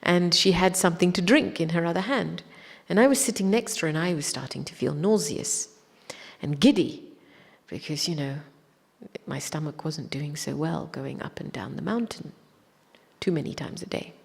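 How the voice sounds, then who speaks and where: A woman spiritual teacher recounts a personal story in a reflective, unhurried way, sinking now and then into a near-whisper. Her voice sits low and sounds husky, and a long hall reverb trails behind her words. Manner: reflective, often dropping to a whisper.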